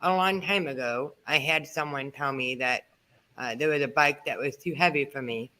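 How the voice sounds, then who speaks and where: A man's voice: medium pitch, moderate pace, pushed and bright. A man talking eagerly and encouragingly about a group ride in a casual chat.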